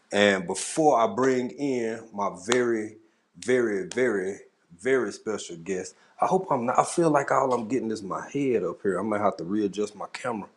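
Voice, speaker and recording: A man hosting a casual livestream, greeting viewers in the chat one by one in a laid-back way. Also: fairly low pitch. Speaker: livestream host. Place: home at a camera.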